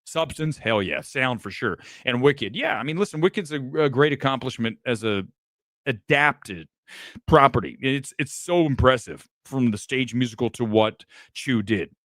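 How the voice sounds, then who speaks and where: A man hosting a live film review show, giving blunt, opinionated takes in quick fragments, often profane and mocking. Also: medium pitch, animated, fairly bright tone, no echo, studio quality. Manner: talks in quick fragmented lists. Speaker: movie review show host.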